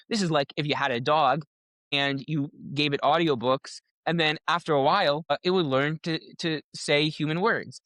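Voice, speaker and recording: A man in casual podcast talk, explaining a technical idea through a running playful analogy. His voice sits a little higher than most men's. He is heard close and dry, with no room sound, and he restarts his phrases often as he thinks aloud. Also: fairly bright tone, dry recording. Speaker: podcast guest, AI safety researcher.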